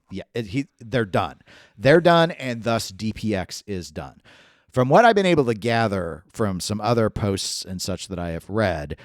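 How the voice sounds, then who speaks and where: Low-voiced chatty male podcast co-host. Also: no room sound, clean studio sound. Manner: rambling, chatty, laughs often. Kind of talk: casual chat.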